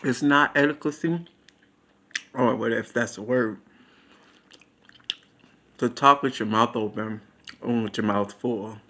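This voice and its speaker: A man doing a casual food review vlog, talking slowly and savoring each bite, recorded on his phone. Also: mid-range voice, sharp tone. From Louisiana Creole. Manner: slow, savoring, breaks into crooning and moans between bites. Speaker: food vlogger. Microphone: phone camera.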